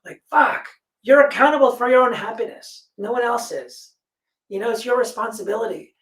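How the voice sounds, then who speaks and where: Blunt, cursing woman guest, voice high-ish, echoey distant call audio. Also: brisk. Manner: blunt, profane, animated storytelling. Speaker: panel guest. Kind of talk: casual discussion. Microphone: video call. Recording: echoey room, distant mic.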